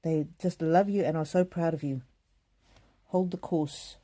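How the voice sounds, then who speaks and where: A middle-aged woman reads oracle cards live, her voice pitched a little low and mellow. She speaks gently and haltingly, with plenty of pauses, ums and repeated phrases as she searches for the message. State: choked up with emotion. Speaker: psychic card reader. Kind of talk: live oracle card reading.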